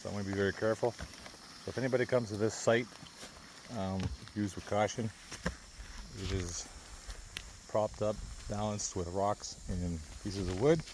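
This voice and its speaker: A man's voice: lowish voice, steady tone, moderate pace, pauses often. A man from Canada casually narrating his camping vlog outdoors at a lakeside campsite, chatty and easygoing. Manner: chatty, easygoing, laughs often. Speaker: vlogger. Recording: faint outdoor background noise.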